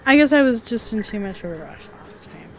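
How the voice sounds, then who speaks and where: A woman's voice: fairly high pitch, animated, fairly quick, darkish tone. A woman playing a visual novel, reading the story aloud with dramatic narration and dropping into casual asides. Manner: dramatic read-aloud broken by chatty asides and laughs. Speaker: let's play player.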